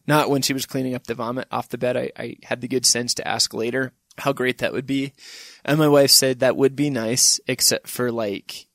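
A male podcast host who rambles from one thought to the next and laughs now and then. His voice sits in a middle pitch. It is recorded close and dry. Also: fairly bright tone, dry recording. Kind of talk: casual chat.

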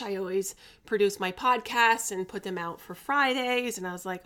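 A woman's voice: a little high, fairly quick, fairly bright tone. A woman in her forties hosting her own podcast, chatting candidly and tiredly about her stress, with laughs and sassy asides. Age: 40s. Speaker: podcast host and life coach. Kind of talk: casual chat. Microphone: podcast microphone.

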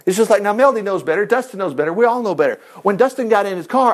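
A man's voice: high voice, racing, hardly any pauses. A man leading an informal Bible study, folksy and chuckling as he talks. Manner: folksy, animated, chuckles often. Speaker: Bible teacher.

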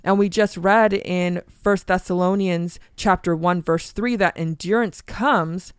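A woman co-hosting a Bible teaching podcast, reading scripture slowly and deliberately. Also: fairly low pitch, fairly even intonation, clear, resonant tone, no room sound, clean studio sound.

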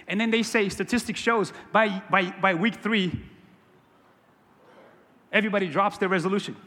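A man's voice: high-pitched, fast talker, fairly bright tone, long reverb tail. A male pastor preaching a sermon in a church, conversational and playful with jokey asides. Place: church sanctuary.

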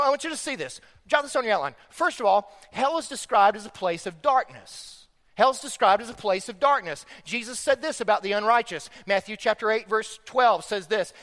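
A man with a very high voice preaches a sermon in a large church sanctuary, with a long reverb behind him. He swings from hushed, low passages to loud, emphatic peaks. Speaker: pastor.

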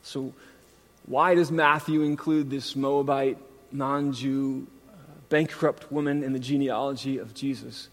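A pastor in his thirties preaching a sermon, moving from scripture into a self-deprecating, animated family story. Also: mid-range voice, measured pace. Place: church sanctuary. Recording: long reverb from a large hall.

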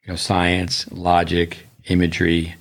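A man with a very low voice chats casually on a podcast, a middle-aged tennis coach. He rambles through anecdotes and now and then speeds up. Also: completely flat delivery, unhurried.

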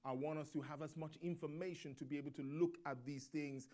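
High-voiced preacher. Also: male voice, steady tone, fairly quick, warm tone. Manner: emphatic preaching with repetitions and calls of amen; restarts and stammers when thinking aloud. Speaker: pastor. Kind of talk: sermon. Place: church.

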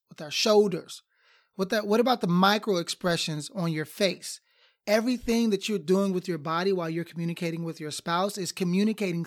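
A counselor explains to listeners how couples communicate, in a steady teaching voice of middle pitch. The speaker keeps asking rhetorical questions and circles back to repeat the main points. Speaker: marriage counselor and podcast host.

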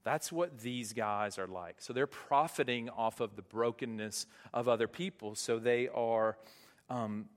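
A man preaching in a church sanctuary, talking casually with lots of fillers, then pushing to loud, emphatic peaks. His voice sits at an average pitch for a man, and a long reverb trails each phrase through the hall. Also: a little slow. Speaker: pastor. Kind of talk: sermon.

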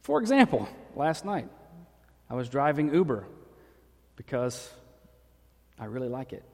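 A man preaching as a pastor, telling a personal story in an animated, joking way. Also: mid-range voice, unhurried, vocal fry. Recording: echoey hall.

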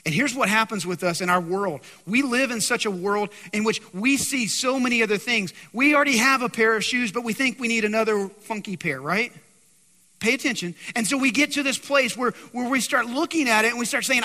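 Man, pastor, sermon, quizzes the congregation, high voice, long church reverb. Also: normal speed. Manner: animated, keeps quizzing the congregation.

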